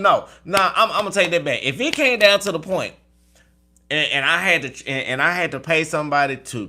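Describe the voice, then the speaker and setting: Bright, chatty man on a tarot stream. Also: medium pitch. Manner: chatty, repeats "okay?", stumbles and restarts, laughs at himself. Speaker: tarot reader. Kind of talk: casual livestream chat.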